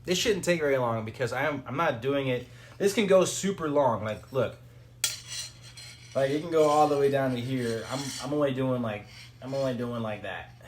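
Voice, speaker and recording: A man's voice: medium pitch, normal speed, a little hiss or hum. Guy rambling on stream while he screws stuff together at home, loose and jokey. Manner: rambling, loose, joking asides to chat and dog. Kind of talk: casual live-stream commentary while building.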